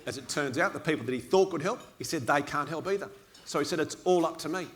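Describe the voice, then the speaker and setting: A man's voice: fairly high pitch, fast talker, a bit bright. A middle-aged Australian man telling a funny story to a dinner audience in a dry, self-mocking, conversational way. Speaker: after-dinner speaker. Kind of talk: humorous storytelling speech. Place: dinner event before an audience.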